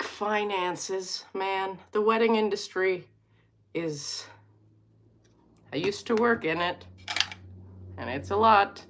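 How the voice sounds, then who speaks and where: Talking to her viewers, a thirtysomething vlogger from Alberta, Canada is casual and playful, tending to ramble and cut herself off. Her voice sits on the low side yet sounds fairly bright.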